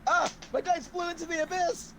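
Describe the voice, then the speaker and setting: A man playing in a tabletop game, joking around with sudden excited outbursts. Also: very high-pitched, brisk, crowd noise. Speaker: player. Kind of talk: casual tabletop game chat.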